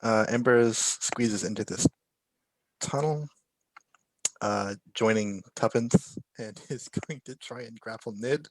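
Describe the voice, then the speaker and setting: A man playing a tabletop game, describing his character's moves in a relaxed, matter-of-fact way. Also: mid-range voice, slow pace, no echo, rough recording. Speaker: player.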